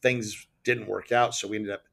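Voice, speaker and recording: A man's voice: fairly low pitch, moderate pace, gravelly. A middle-aged man, a teacher and podcast host, chatting casually and acting out quotes as he tells stories. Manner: animated storyteller, acts out quotes. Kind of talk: casual chat.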